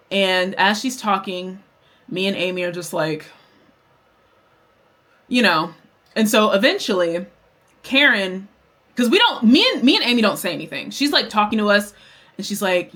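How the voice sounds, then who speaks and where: Young woman, vlogger, storytime while doing makeup, candid, swears freely, animated storytelling. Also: medium pitch, normal speed, long pauses.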